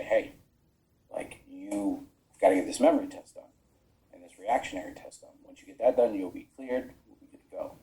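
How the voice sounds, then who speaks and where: A low-pitched man with a mellow, dark voice recounts his army years as a podcast guest. He talks frankly, swears often, and slips into the voices of the people he quotes. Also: low-quality recording. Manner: frank, swears freely, acts out quoted dialogue. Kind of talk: casual storytelling. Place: podcast studio.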